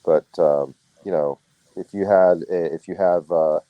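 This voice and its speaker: A man's voice: low voice, steady tone, unhurried, dry recording, highs cut off. A man co-hosting a casual podcast chat, talking in a rambling, hesitant way with many restarts.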